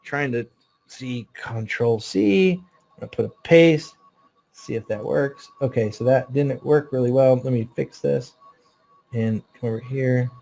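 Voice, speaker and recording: A man hosting a live sales webinar, telling a story in an excitable, rambling way full of fillers. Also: mid-range voice, measured pace, vocal fry. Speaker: webinar host selling a course.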